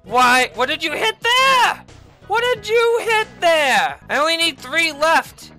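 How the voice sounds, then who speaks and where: A woman streaming a video game, raging and cursing loudly at it in heated gameplay commentary. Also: extremely high pitch, big pitch swings, slow, faint music behind. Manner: furious profane yelling at the game. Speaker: gaming streamer.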